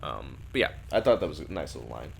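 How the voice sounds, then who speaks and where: A man's voice: a bass voice, big pitch swings, fast talker, creaky, a little hiss or hum. A man co-hosting a film review podcast, retelling scenes casually in a rambling way, acting out quotes as he goes. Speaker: podcast co-host.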